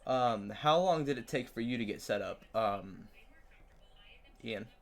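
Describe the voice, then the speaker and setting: A man's voice: mid-range voice, animated, a little slow, gravelly. A man hosting a casual interview and walking viewers through his online store, talking loosely and swearing lightly. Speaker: host. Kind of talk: casual interview and screen walkthrough.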